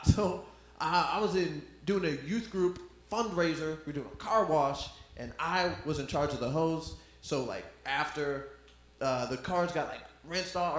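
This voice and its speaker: A man doing a stand-up comedy set, animated and acting out voices in his stories. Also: fairly high pitch. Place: club room with audience. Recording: echoey room.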